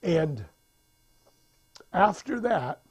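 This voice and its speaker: A man's voice: high voice, sing-song, very slow, husky. A man casually retelling a film's plot, rambling with many restarts and acting out the characters' lines. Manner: rambling, full of restarts and fillers, acts out quotes. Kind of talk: casual storytelling.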